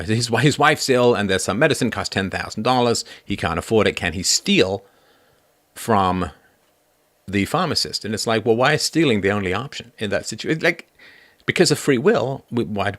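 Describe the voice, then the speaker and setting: A man hosting a livestream, talking through a moral argument in a casual, animated way. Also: fairly low pitch, normal speed, no echo. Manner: animated, argumentative, acts out quoted voices. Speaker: livestream host. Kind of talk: casual philosophical monologue.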